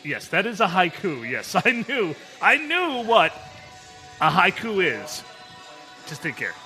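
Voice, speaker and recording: A high-voiced man with a very lively, swooping delivery trades crude, self-mocking jokes as a podcast co-host. He is recording live in a tavern, and clear music plays behind him. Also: takes it slowly. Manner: animated, crude, self-deprecating, frequent laughter. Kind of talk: crude comedic bar banter.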